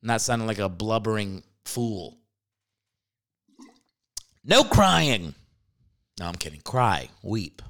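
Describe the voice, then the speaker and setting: A man's voice: lowish voice, moderate pace, hardly any pauses. A married man hosting a comedy podcast, ranting with joking asides and casual swearing. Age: adult, married. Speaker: podcast host.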